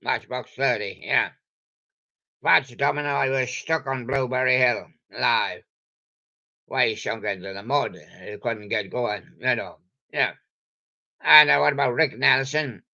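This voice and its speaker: Slow, gravelly older man. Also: medium pitch, pushed and bright, highs cut off. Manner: playful, jokey and meandering, talks to himself. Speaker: vlogger. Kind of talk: rambling solo monologue.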